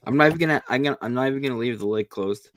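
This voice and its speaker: A man's voice: mid-range voice, rapid-fire, very noisy. A man chatting casually while he works on a craft project, matter-of-fact and self-deprecating.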